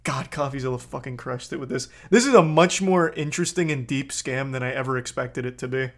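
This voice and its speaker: A man's voice: mid-range voice, brisk, a bit bright. A man streaming live, reacting to a video with blunt, heated commentary and a lot of swearing.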